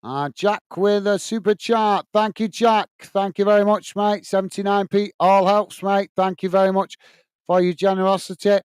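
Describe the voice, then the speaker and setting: A man's voice: high-pitched, little pitch movement, moderate pace, darkish tone, clear, resonant tone, no room sound. A man hosting a football watch-along stream, reading out viewer messages and thanking each one as "mate". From England. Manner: chatty, says "mate" and "guys" a lot. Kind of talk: live stream chat.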